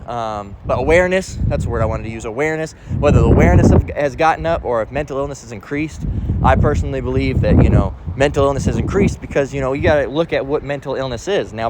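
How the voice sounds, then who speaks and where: A man's voice: medium pitch, noisy background. A man giving an informal spoken sermon, rambling and emphatic, with frequent swearing. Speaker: preacher.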